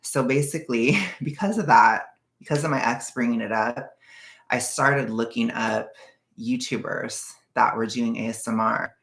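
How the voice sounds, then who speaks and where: A man's voice: medium pitch, measured pace, vocal fry, fairly bright tone, echoey room, recorded from a distance. A young man vlogger telling a personal story in casual chat, rambling with lots of fillers like "like" and "blah, blah.".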